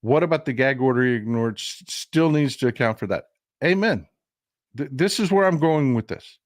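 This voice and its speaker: A man's voice: medium pitch, lively intonation, moderate pace, no echo, studio quality. A man hosting a livestream of casual political commentary, emphatic and full of repeats and restarts, talking straight to his viewers. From Texas. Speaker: livestream host.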